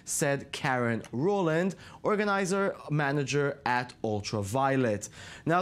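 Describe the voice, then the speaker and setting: A man presents a tech news roundup with a fairly high, lively voice. He reads the script briskly and drops in dry, sarcastic quips between the stories. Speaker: news show host. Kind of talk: scripted news segment with jokey asides.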